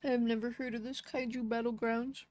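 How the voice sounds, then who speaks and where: A woman's voice: on the high side, level tone, fairly quick, a little mellow, no echo. A woman live streamer chatting casually with her viewers, reading their comments and laughing often.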